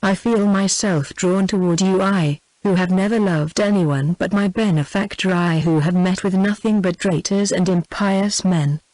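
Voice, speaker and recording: A woman's voice: lowish voice, normal speed, few pauses, no room sound, close to an everyday voice, rough recording. Audiobook: earnest young Puritan officer read by a British female TTS voice, no characterisation. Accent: British English. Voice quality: even synthetic delivery.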